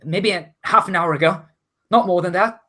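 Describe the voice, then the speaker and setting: Man doing a scared young female deckhand, very high and shouty, panicked. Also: moderate pace. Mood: frightened.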